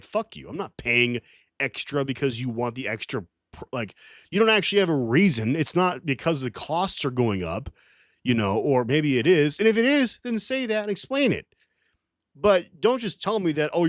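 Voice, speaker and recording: Heated, lively-voiced male streamer. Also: fairly high pitch, dry recording, studio quality. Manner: profane, rambling, heated. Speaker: streamer reading live chat. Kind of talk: casual livestream rant.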